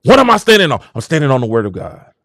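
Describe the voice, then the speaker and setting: A man's voice: medium pitch, huge pitch swings, rapid-fire, fairly bright tone, no room sound, clean studio sound. A man hosting his own show, talking in a casual motivational monologue that turns preachy and exclamatory as he hypes himself up. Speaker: show host.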